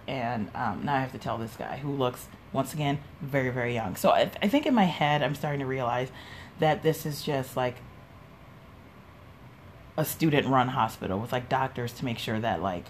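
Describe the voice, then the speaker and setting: A woman's voice: a bass voice, slight background noise. A young woman telling a rambling, swear-filled personal story as a podcast host, quoting people as she goes. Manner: rambling, swears freely, quotes people in little voices. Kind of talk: casual storytelling monologue. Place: home, sipping a drink while recording.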